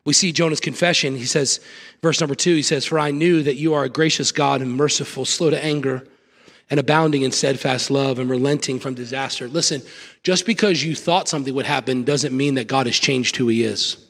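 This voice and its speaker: A man preaching a sermon in church, emphatic and repetitive, with sudden loud bursts. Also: mid-range voice, steady tone, fairly quick, big-room sound. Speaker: pastor. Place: church sanctuary.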